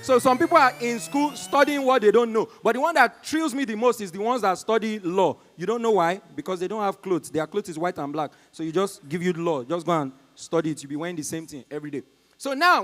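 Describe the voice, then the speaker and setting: A man's voice: sits high, fairly bright tone. A Nigerian man doing live stand-up comedy, telling stories and talking to the crowd. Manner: storytelling, talks to the crowd. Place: concert stage in a large hall. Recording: long reverb from a hall.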